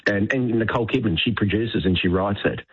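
A man's voice: on the low side, fairly quick, slightly rough. A man, a regular radio guest chatting keenly, repeating words and calling people "mate". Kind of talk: casual radio chat recommending TV shows. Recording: dull lo-fi radio line.

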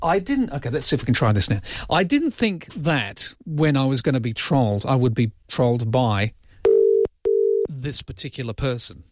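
A man's voice: mid-range voice, very animated, moderate pace, no room sound, clean studio sound. A man hosting a radio talk show, chatting casually and joking about himself. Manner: self-mocking, chatty, jokey. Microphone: studio mic.

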